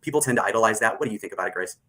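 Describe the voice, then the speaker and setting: A man's voice: on the low side, animated, very fast, pushed and bright. A man joking in a stern, pompous, boastful tone during a speed date. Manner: pompous, stern, self-aggrandizing in jest.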